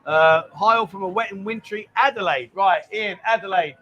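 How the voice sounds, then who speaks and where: A middle-aged man hosting a casual live stream from a lounge bar, reading out viewer comments and teasing his co-host with loud exclamations. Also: sits high, normal speed, highs cut off. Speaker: livestream host.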